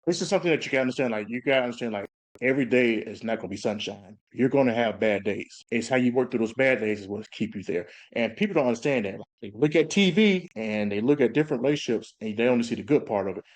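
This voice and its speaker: A man in his thirties speaks quickly as an interview guest, a police officer who tells his stories candidly. He slips into the voices of the people he quotes, and his pitch sits in an ordinary middle range. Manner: animated storytelling, acts out quotes. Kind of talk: casual interview talk.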